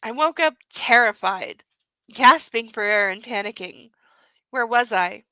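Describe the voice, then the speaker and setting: A woman reads a novel aloud and cuts in with wry, exasperated commentary. Her voice is fairly high and very bright. It sounds dry and close to the mic. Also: animated, measured pace, no echo, rough recording. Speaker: host reading a book aloud.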